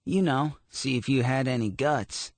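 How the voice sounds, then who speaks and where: A man voicing a cocky teenage gang leader who speaks in a sly, smooth, testing way. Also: mid-range voice, measured pace, a little mellow, no room sound, voice pushed up.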